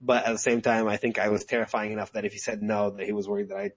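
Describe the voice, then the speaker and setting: A man's voice: lowish voice, level tone, rapid-fire. Rambling young man telling a story. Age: young adult. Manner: rambling storyteller, jokey, laughs often. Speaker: podcast co-host. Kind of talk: casual chat.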